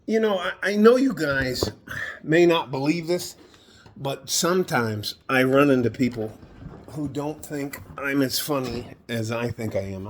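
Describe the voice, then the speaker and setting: A man's voice: mid-range voice, lively intonation, measured pace, slight background noise. A man telling a story to the camera in a rambling, casual way, laughing often and swearing now and then. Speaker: vlogger.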